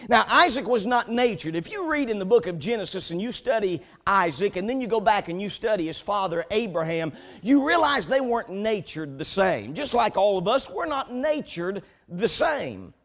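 A man preaching a sermon, telling a story with animated build-ups before turning to the scripture text. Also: sits high, normal speed, few pauses. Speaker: pastor.

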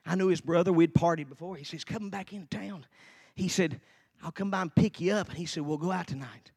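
A preacher in his forties giving a sermon, telling his own story and swinging from quiet storytelling to slow, shouted fervor. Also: high voice, vocal fry. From Tennessee. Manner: shouts and slows down in the fervent parts, quiet and fast in the storytelling.

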